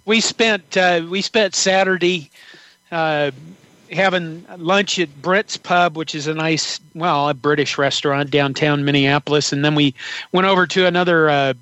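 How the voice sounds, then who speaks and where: A man's voice: fairly high pitch, steady tone, a little slow, bright, forceful tone, no room sound. A man co-hosting a podcast, chatting casually with dry, teasing humor. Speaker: podcast co-host. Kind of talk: casual chat.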